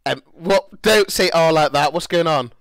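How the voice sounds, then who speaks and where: A young man livestreaming, excitable and swearing as he talks to his chat. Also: on the high side, moderate pace. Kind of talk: casual livestream chat to viewers.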